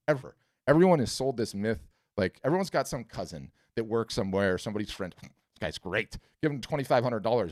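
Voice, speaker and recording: Deep-voiced emphatic man hosting a webinar. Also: no room sound, clean studio sound. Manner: emphatic, blunt, animated storytelling. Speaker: webinar host answering attendee questions. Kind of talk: live webinar Q&A.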